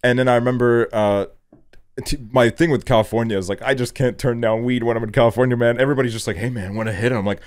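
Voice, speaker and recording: A man's voice: medium pitch, quick pace, smooth, no echo. A young man hosting a podcast, chatting loosely with lots of swearing and playful self-quotes. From Estonia. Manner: loose and profane, animated when quoting himself. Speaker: podcast host. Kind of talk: casual chat.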